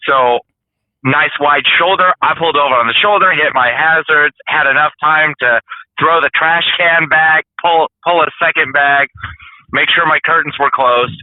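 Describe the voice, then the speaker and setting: A man's voice: fairly high pitch, moderate pace, dry recording, narrow, tinny audio. A man who drives trucks, a guest telling a funny story with lots of laughter. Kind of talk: casual storytelling.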